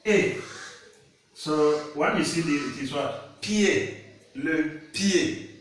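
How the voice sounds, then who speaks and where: A man teaching French pronunciation, repeating words slowly and asking his learners rhetorical questions. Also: fairly high pitch. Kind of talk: slow spoken language lesson. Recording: echoey room, far from mic.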